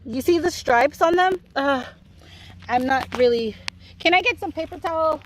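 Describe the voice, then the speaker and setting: A woman's voice: sits high, normal speed, a little hiss or hum, rough recording. A woman with a Jamaican accent giving a chatty, playful tour of her home garden. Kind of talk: casual garden tour vlog.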